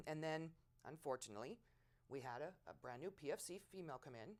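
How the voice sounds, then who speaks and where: A middle-aged woman in an oral history interview, telling war stories in a lively way and acting out quotes loudly. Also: sits low, brisk. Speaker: veteran interviewee.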